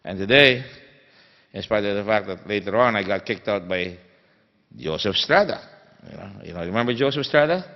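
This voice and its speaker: A man's voice: on the low side, expressive, normal speed. A man from the Philippines, giving a conference talk that he tells as an emphatic story, with many fillers. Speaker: guest speaker. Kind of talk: anecdotal conference speech. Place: conference hall. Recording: dull sound in a reverberant hall.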